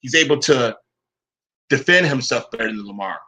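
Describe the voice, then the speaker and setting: Man ranting with a bright edge. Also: medium pitch, lively intonation, moderate pace, slightly rough. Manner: confrontational and profane. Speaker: online commentator. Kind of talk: casual rant to camera.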